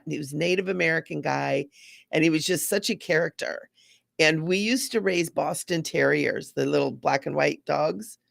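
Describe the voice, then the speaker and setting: A woman's voice: fairly low pitch, creaky, no echo, clean studio sound. A woman hosting a live spiritual card reading, chatty and affirming, repeating mantras to her viewers. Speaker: intuitive card reader.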